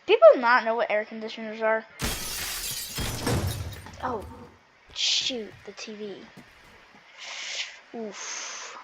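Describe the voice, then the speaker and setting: A woman narrating her own gameplay in a casual, reactive way, muttering to herself between sudden excited outbursts. Her voice sits on the high side. Clear game noise runs underneath her. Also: slow, long pauses, muffled recording. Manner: reactive, talks to herself, bursts of excited yelling. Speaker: gameplay streamer.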